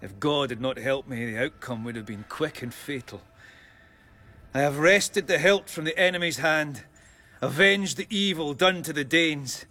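A man reading the part of a bold young warrior hero, speaking in a measured, formal and proud way in a dramatic reading of epic verse. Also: on the high side, pushed and bright. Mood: solemn.

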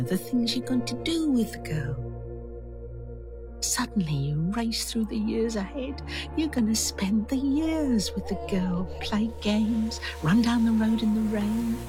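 An actor playing a working-class woman recalling her past in soft, intimate, whispered narration. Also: a little high. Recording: music underneath.

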